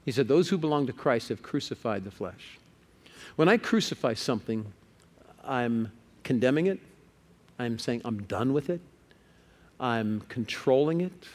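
A man preaching a sermon, lively and conversational, stammering on words and putting questions to the congregation. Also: mid-range voice, a little slow, pauses often. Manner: lively, repeats words when stuck, asks the crowd questions.

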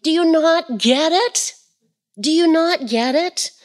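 A woman voicing an exasperated grown man who scolds his followers in a high, incredulous tone during a sermon. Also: slow pace.

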